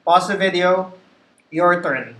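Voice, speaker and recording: A woman, a call center trainer, leading a pronunciation drill and reading words one by one, slowly and deliberately. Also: fairly low pitch, a bit bright. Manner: slow, deliberate word-by-word reading. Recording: echoey room.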